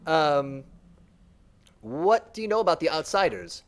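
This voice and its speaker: A man streaming a game, chatting casually and thinking out loud as he plays. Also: fairly high pitch, very animated, measured pace, long pauses. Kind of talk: let's play commentary.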